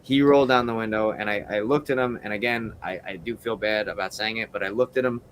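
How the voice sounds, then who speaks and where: A man's voice: on the low side, fairly even intonation, fast talker, slight background noise. A man telling a rambling story in a casual interview, full of fillers and asides. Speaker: wrestler guest.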